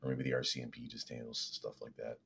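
A man's voice: a bass voice, little pitch movement, fast, gravelly, a bit bright, a little hiss or hum. A man from Canada rambling casually as a fitness vlogger, laid-back and swearing now and then.

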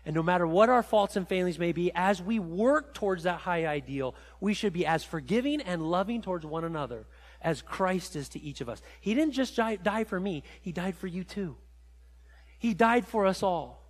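A male pastor with a notably high voice delivers a sermon in a church. He swings between excited, climbing storytelling and hushed, low reflection. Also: normal speed, long reverb tail. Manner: animated storytelling, rising high when excited, dropping low and quiet for reflection. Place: church sanctuary.

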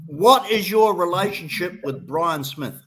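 Older man, high bright voice, combative. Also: animated, unhurried. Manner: blunt and combative, swears freely. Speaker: show co-host. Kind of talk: heated online call-in debate.

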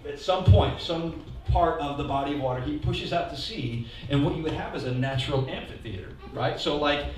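A man preaching a lively sermon as pastor, leading the congregation in call-and-response. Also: fairly high pitch, slight background noise. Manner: animated, leads call-and-response, asks the congregation to repeat lines. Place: church hall. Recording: echoey hall, mic heard from a distance.

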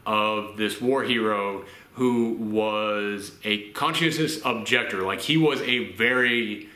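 A man's voice: lowish voice, slow, bright, forceful tone. A man from the Southern United States giving a casual film review, chatty, with laughing asides and acted-out quotes. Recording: roomy echo.

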